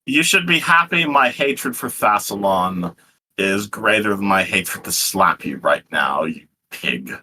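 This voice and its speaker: A man's voice: on the low side, expressive, measured pace, sharp tone, husky, heavily acted. A man doing a haughty snake woman. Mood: haughty, scornful. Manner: haughty, cutting.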